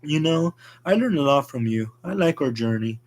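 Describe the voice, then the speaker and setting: A man's voice: a little high, expressive, normal speed, lightly acted. A man voicing a guilty young man who pleads and makes excuses. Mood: remorseful.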